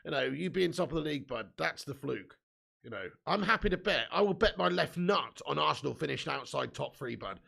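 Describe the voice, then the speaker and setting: A man's voice: a little high, animated, a little fast, vocal fry, a bit bright. A young man hosting a live football watch-along, reading out viewer comments and ranting bluntly about his team's heavy loss. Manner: blunt, sweary, frustrated fan banter.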